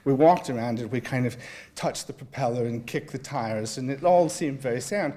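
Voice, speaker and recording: A man speaking at a public talk, mixing anecdote with reading aloud. His telling is wry and self-deprecating, with a mid-pitched voice. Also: normal speed, warm tone. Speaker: guest speaker. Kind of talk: humorous storytelling and reading aloud.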